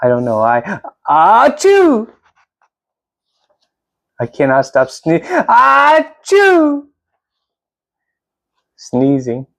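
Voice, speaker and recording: A woman voicing a gloomy, worried male elephant, reading a storybook aloud slowly and anxiously. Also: rumbling low, fairly even intonation, warm tone, pitched below the performer's own voice. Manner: slow and anxious, sneezing.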